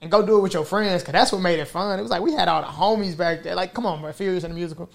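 A man telling a story in casual chat, animated and slangy, often laughing as he goes. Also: high-pitched, very fast, vocal fry.

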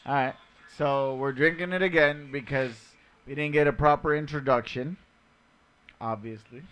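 A man co-hosting a podcast in casual chat, loud, profane and joking. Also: mid-range voice, steady tone, moderate pace, clear, resonant tone. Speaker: podcast co-host.

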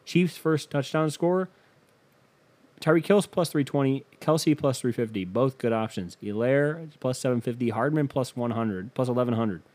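A man's voice: mid-range voice, normal speed, a little mellow. A man hosting a casual solo podcast, offhand and profane as he reads betting odds aloud. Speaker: podcast host.

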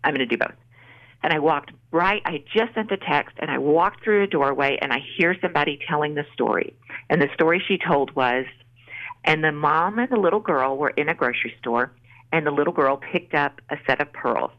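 A woman's voice: low voice, a little fast, muffled recording. Earnest woman telling a faith story. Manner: earnest storyteller, acts out quotes. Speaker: author guest. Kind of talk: faith testimony in a podcast interview.

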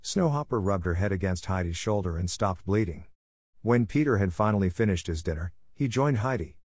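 A man narrating a children's story aloud in a steady storytelling manner. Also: sits low, fairly quick, dry recording, clean studio sound. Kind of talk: audiobook reading.

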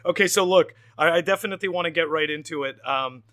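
A man's voice: on the high side, fast, a bit bright. A man hosting a casual podcast interview, enthusiastic and rambling, with lots of fillers and restarts. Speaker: podcast host.

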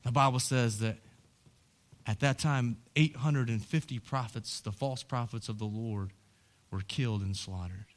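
A man preaching a sermon as pastor, moving from hushed, low storytelling to loud, rising calls. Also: unhurried.

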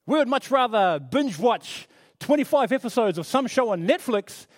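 A man's voice: very high voice, very animated, moderate pace, no echo. A middle-aged man preaching a conversational sermon, earnest and storytelling, with frequent restarts.

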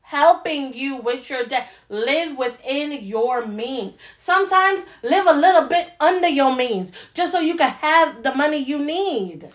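A woman in casual chat, blunt and animated, with a lot of profanity. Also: sits high, unhurried, few pauses.

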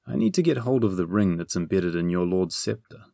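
A man's voice: low-pitched, very animated, moderate pace, vocal fry, dark tone, no room sound, studio quality, full character voice. A man voicing a cheeky, chatty young hero with a scheming streak in a storybook reading. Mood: breezy. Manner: chatty, upbeat.

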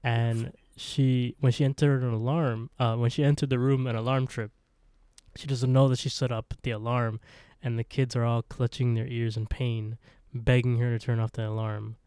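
A man co-hosting a casual podcast, walking through a story and breaking into laughter often. His voice sits mellow and dark, recorded close and dry with no room sound. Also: mid-range voice, level tone, normal speed, clean tone, no echo. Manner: laughs often while retelling the plot. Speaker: podcast co-host. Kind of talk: casual recap chat.

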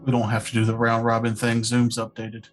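A man's voice: mid-range voice, completely flat delivery, a little fast, soft background music. Dry-joking male player. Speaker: player, regular of the show. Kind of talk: casual tabletop game chat.

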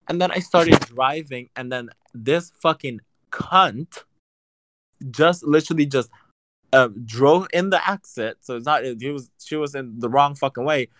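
A man in casual chat, telling a story in an animated, profane and sassy way. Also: mid-range voice, dry recording.

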